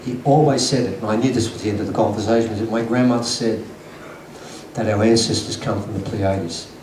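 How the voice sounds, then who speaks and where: Recorded at a distance in an echoey conference hall with a noisy background, a man in a lowish, steady voice speaks a little fast. He delivers an earnest, emphatic lecture to the audience, weaving in stories.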